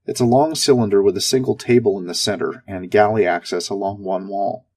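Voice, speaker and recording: Husky low-voiced male story narrator. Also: brisk, darkish tone. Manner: sardonic, darkly comic. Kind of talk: scripted first-person story narration.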